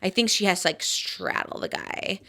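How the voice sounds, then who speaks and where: Bright, giggly woman podcast host. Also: medium pitch, normal speed, creaky. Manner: rambling, filler-heavy and giggly. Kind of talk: casual chat.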